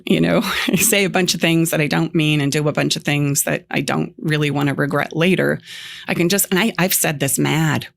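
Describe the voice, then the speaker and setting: A woman relationship coach explaining her method in an animated, emphatic way, often acting out lines she would say. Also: low voice, normal speed, vocal fry, a little hiss or hum. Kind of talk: guest explaining on a talk show.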